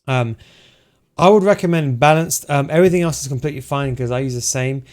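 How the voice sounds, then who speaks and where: Brisk and mid-range in pitch, this man is a video game tactics coach who is losing his voice. He addresses viewers directly, laying out game tactics step by step in an informal spoken tutorial.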